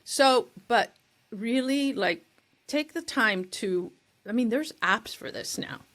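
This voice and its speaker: A woman's voice: fairly high pitch, expressive, takes it slowly, fairly bright tone. A woman co-hosting a casual podcast chat, rambling and often searching for her words. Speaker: co-host.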